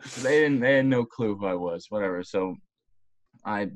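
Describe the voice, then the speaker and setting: A young man, a former college football player, telling long rambling stories in casual podcast talk, profane and animated. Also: lowish voice, normal speed. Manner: rambling, profane, animated storytelling with voiced quotes.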